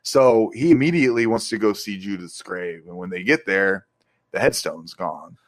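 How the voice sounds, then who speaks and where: A young man with a fairly low voice speaks at a moderate pace as a podcast co-host. In a casual movie review chat, he retells scenes from films with lots of swearing and laughter.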